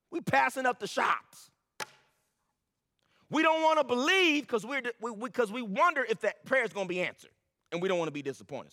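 A man's voice: very high-pitched, sharp tone, in a large hall. A man preaching a sermon as pastor, building to emphatic, repeated lines.

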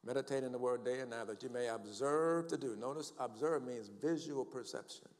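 A man's voice: medium pitch, a little fast, a little mellow. An older man preaching a sermon in a church, quoting scripture emphatically and calling for responses from the congregation. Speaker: pastor. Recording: long hall reverb.

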